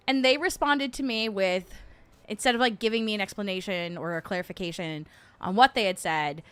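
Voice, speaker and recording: A sarcastic woman chats casually as a livestream host, reading the chat aloud in a mid-pitched voice. The sound is dry and close, with no room around it. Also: a bit bright, smooth, no echo. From New Jersey. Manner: sarcastic, chatty, laughs often. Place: at home.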